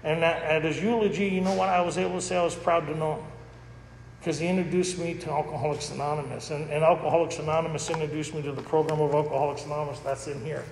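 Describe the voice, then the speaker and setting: A man's voice: on the high side, fairly even intonation, quick pace, gravelly, slight background noise. A man telling personal stories to an audience at a recovery gathering, candid and jokey, often laughing as he talks. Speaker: speaker at a recovery roundup. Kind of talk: personal storytelling talk to an audience. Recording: echoey hall with long reverb.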